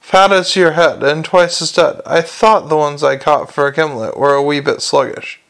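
A man's voice: on the high side, moderate pace, creaky, a bit bright. A man reading aloud and voicing a tiny, fierce, mercenary male gnome. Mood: blunt.

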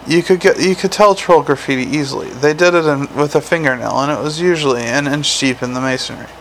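A man's voice: on the high side, quick pace, a bit bright, a little hiss or hum, low-quality recording. Man narrating a comic fantasy storybook. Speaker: audiobook narrator.

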